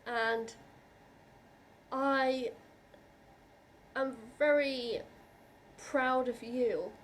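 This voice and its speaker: A woman vlogger talking to camera in an earnest, reassuring way, halting and restarting often as she speaks from the heart. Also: sits high, fairly even intonation, slight background noise. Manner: heartfelt, openly emotional. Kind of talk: personal talk to camera.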